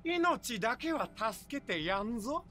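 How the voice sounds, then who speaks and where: Snarling young street thug. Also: male voice, very high voice, big pitch swings, brisk, background noise. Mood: menacing. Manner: rough, threatening gangster speech. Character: young male street thug with a stun gun, menacing.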